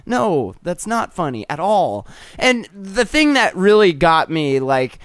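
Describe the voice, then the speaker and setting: A man with a high, smooth, clear voice rants in casual chat, swearing freely and slipping into mocking put-on voices. The sound is close and dry, with no room around it. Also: big pitch swings, slow, fairly bright tone, no echo. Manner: profane, ranting, mocks with put-on quoted voices. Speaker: podcast co-host.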